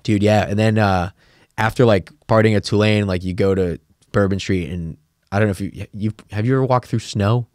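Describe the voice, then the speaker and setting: Lowish casual man telling rambling stories. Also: fairly even intonation, a little fast, darkish tone, dry recording, studio quality. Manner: rambling storyteller, heavy filler "like", acts out quotes. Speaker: podcast host. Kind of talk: casual chat.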